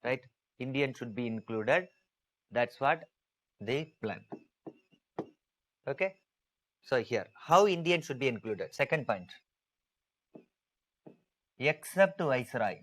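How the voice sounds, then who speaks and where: A man's voice: mid-range voice, animated, takes it slowly, pauses often, poor audio. A male teacher giving an online exam-prep lecture, repeating key points with emphasis and asking students to type their answers.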